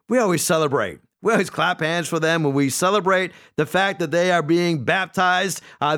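A man with a notably high voice preaches to his congregation. He walks through his points one by one as a pastor and slips into the voices of the people he quotes. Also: a bit bright. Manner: preaching, numbered points, acts out quoted speech. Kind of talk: sermon.

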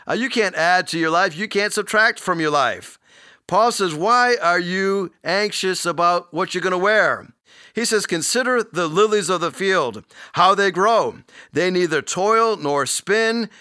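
A man preaching a sermon, earnestly teaching and quoting scripture, slowing down to stress key words. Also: high-pitched, sharp tone, smooth, no echo, studio quality. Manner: earnest, teaching, quotes scripture, slows for emphasis.

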